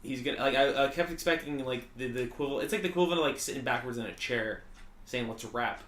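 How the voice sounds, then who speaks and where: A man's voice: medium pitch, quick pace, fairly bright tone. A man co-hosting a podcast, chatting casually and sardonically about a film, swearing and laughing often. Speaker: podcast co-host. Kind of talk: casual film-review chat. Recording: roomy echo, faint ambience.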